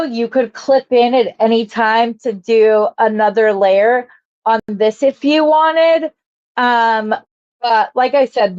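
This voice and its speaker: Woman, live-stream host, rambling casual talk, slow pace, somewhat high pitch. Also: a little mellow, highs cut off. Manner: chatty and rambling, greeting viewers as she works. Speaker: jewelry maker hosting a live stream.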